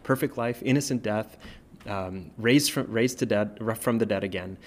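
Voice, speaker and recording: A man, a pastor, retelling a Bible story in a casual, conversational way, often checking in with "right?" and pausing on fillers. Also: lowish voice.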